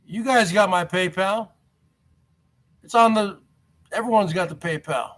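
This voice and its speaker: High-voiced guy ranting on his stream, slow and drawn out, keeps badgering the chat and yelling. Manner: ranting, badgering viewers with repeated questions; shouts to whip up the audience. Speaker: live-stream host. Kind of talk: ranting live-stream commentary.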